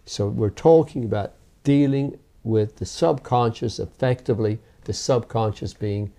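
Measured low-voiced man explaining hypnotherapy. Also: dark tone. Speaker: hypnotherapy teacher. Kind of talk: explanatory interview talk.

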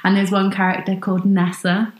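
A woman's voice: medium pitch, monotone, a little fast. Brief: woman from south wales, neutral british voice, chatty guest, echoey room. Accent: neutral British English, faint Welsh. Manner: chatty, laughs often, self-deprecating. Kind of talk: casual chat.

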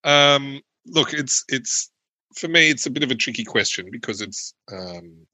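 A man's voice: mid-range voice, lively intonation, a little slow, bright, forceful tone, dry recording. A man from Australia, a podcast guest making dry, understated remarks in casual chat.

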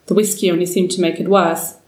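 A woman narrating a story aloud in a measured, steady way. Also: on the low side. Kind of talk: storybook reading. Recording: roomy, distant mic.

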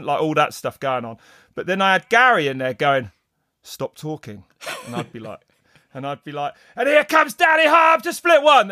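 A middle-aged man, a race commentator, telling stories in casual chat, rambling and animated with many restarts. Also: a little high, no echo, studio quality. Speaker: mountain bike race commentator. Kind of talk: casual podcast storytelling.

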